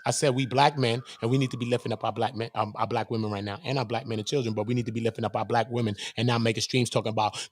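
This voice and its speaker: On his livestream, a man rants rapid-fire with hardly a pause, swearing, confronting, and hurling rhetorical questions. His medium-pitched voice stays fairly even in intonation, and there's no echo.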